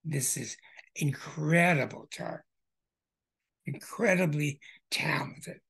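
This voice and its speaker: A man hosting an astrology show who walks through birth charts in an emphatic way, with bursts of excitement. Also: on the high side, slow pace, vocal fry, husky.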